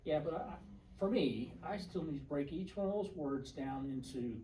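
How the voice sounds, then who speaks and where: Male student, earnest and halting, warm tone, roomy distant sound. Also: a little high, lively intonation, a little hiss or hum.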